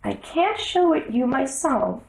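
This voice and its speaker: A woman voicing a sad, sighing male Mock Turtle in a storybook reading, in a high, wavering, mournful voice. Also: big pitch swings, unhurried, vocal fry, roomy sound, heavily acted, rough recording.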